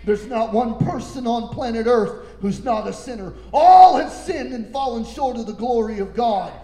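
A man preaching an impassioned sermon, reading scripture slowly and building to shouts. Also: very high-pitched, lively intonation, roomy sound.

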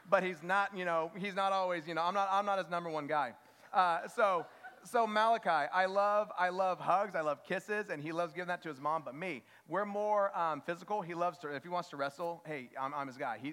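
High-voiced man telling a church story. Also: a bit bright. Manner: halting, repeats words, earnest storytelling. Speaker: father speaking to a church congregation. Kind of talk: personal story in a church message. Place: church sanctuary. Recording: long hall reverb.

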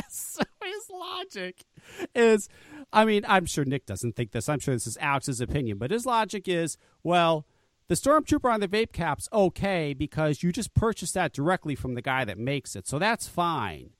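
A high-voiced man tears into a critic with an angry, profanity-laden rant, his pitch leaping all over the place. The sound is dry and close, like a podcast mic. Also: sing-song, moderate pace, no echo. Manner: angry, profane, emphatic ranting. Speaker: podcast co-host.

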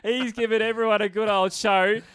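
A man's voice: high voice, fairly even intonation, normal speed, fairly bright tone, clean tone, no echo, clean studio sound. A young man co-hosting a podcast, talking casually, swearing, laughing and telling stories, with "mate" in every other sentence. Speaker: podcast co-host. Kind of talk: casual chat.

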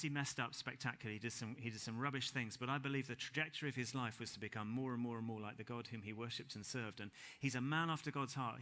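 Male preacher, bright, forceful tone, casual and self-deprecating, swings between emphatic and hushed delivery. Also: mid-range voice. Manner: conversational, self-deprecating, builds to emphatic peaks then drops quiet. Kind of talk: sermon. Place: church hall with congregation.

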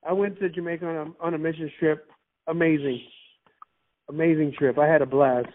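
A man's voice: a little high, steady tone, a little fast. A man from Miami chatting casually, rambling with restarts and frequent laughs. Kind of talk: casual chat. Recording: tinny phone-like line.

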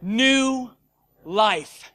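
High, bright-voiced energetic male preacher. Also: extremely slow. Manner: energetic, casual, animated with shouted acted-out scenes. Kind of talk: sermon.

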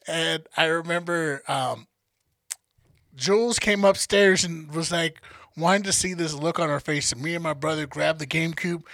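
This podcast co-host recounts a childhood story in a relaxed way, full of profanity, lively delivery, and quotes he performs in character. He has a fairly high-pitched voice, speaks at a moderate pace, and there's no echo.

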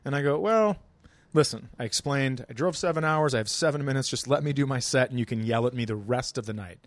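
A man's voice: mid-range voice, quick pace, no echo. A man, a stand-up comedian, telling a long anecdote on a podcast in a laid-back, dry manner while acting out the people in it. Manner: laid-back, dry storyteller who acts out voices in anecdotes. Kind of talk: casual comedy podcast storytelling.

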